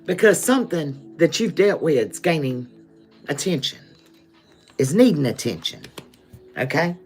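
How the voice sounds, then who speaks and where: A woman's voice: low voice, lively intonation, a little slow, darkish tone, faint music behind. A woman giving a live-stream tarot reading, addressing her viewers as "collective" and checking in with "okay?" often. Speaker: tarot reader.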